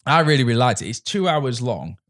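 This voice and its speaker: A man's voice: medium pitch, big pitch swings, fairly quick, fairly bright tone. Chatty man reviewing a film. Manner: rambling, restarts, acts out quoted dialogue. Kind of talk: casual film review chat.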